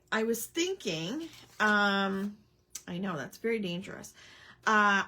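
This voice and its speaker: A woman's voice: medium pitch, a bit bright, breathy edge. A woman hosting a casual live crafting stream, rambling with lots of ums and chatting back to viewer comments. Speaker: crafting livestream host.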